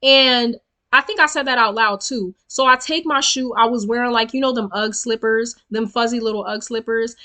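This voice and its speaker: A young woman, telling a storytime vlog in an animated, profane, emphatic way straight to her viewers. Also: on the high side, moderate pace. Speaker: storytelling vlogger. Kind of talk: casual storytime rant.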